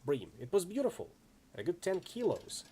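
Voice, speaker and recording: A man's voice: high-pitched, wildly swooping pitch, moderate pace, warm tone, a little hiss or hum, pitched above the performer's own voice. Man voicing a brash female mercenary. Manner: chatty, wry storytelling. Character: brash tough female mercenary, story-loving.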